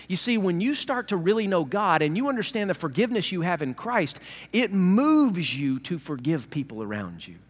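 A male pastor preaching a sermon in a humorous, animated way, acting out little voices. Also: sits high, normal speed, husky, big-room sound.

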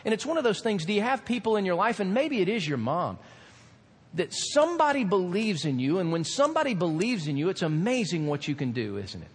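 A man preaching as pastor in a sermon, animated and preacherly. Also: high voice, a little fast, breathy edge, big-room sound.

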